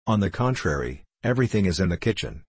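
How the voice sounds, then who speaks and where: A man's voice: sits low, very animated, fast, husky, no room sound, exaggerated voice. A man reading the part of a deferential, fearful innkeeper in an audiobook. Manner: deferential, humble. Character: fearful fawning middle-aged innkeeper.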